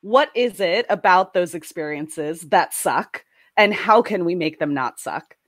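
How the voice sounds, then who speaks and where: A woman hosting an interview, with a lowish voice for a woman. She asks her questions in a relaxed, agreeable way. The sound is dry and close. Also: unhurried, dry recording. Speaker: host.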